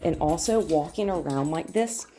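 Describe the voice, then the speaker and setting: Woman dog trainer, low mellow voice, faint noise, moves off the mic. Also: expressive, normal speed. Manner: talks to the viewer while praising a dog in a high sing-song voice. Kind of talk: instructional dog training demo.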